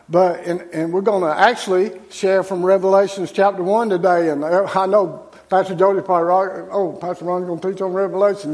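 A man's voice: high voice, darkish tone. A man, an associate pastor giving a conversational, folksy sermon to his congregation in a church. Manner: conversational, folksy, with many restarts and asides to the congregation. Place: church sanctuary.

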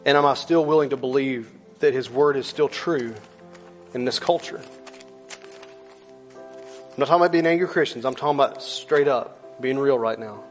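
A middle-aged male pastor preaching a sermon in a church, emphatic and conversational, repeating lines and slowing down low on key words. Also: soft background music. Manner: rises loud for emphasis, drops low and slow on key words.

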